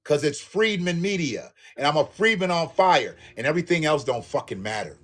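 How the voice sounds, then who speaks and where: A man's voice: a little high, expressive, a little fast, a bit bright. A man delivering an angry, profane, repetitive rant as a YouTube commentator. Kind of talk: angry ranting monologue.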